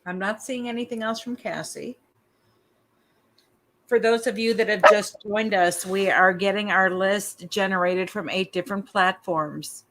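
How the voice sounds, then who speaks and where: A woman with a bright voice co-hosting a live stream, reading out viewer comments and making announcements to the audience. Her pitch sits in the middle range. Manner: reads out viewer messages and announcements.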